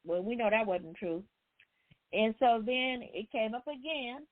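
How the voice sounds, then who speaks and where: A woman's voice: a little high, measured pace. A woman hosting a book discussion, casually retelling a story in with loose, conversational phrasing. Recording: tinny phone line.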